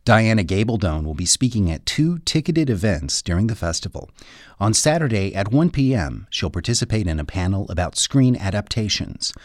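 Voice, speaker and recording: A man radio host reading event announcements and an introduction in steady announcer style. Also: lowish voice, normal speed, no echo, studio quality.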